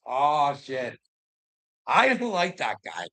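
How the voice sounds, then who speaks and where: A man's voice: on the high side, wildly swooping pitch, slow pace, sharp tone, poor audio. A man ranting in a casual chat to a friend, agitated and heavy on profanity, laughing often between lines. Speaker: person telling his story.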